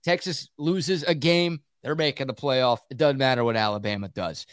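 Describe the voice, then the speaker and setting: A man hosting a sports radio show, talking college football in a quick, conversational way and laughing easily. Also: mid-range voice, smooth, no room sound, studio quality. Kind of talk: casual sports talk and analysis.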